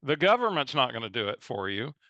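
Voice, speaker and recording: A man leads a lively coaching webinar over a video call. His voice is bright and forceful. The sound is dry and close, with no room in it. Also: medium pitch, fairly quick, no echo, lo-fi sound. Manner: energetic, chatty, reads audience chat aloud. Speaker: real estate coach. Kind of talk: live webinar presentation.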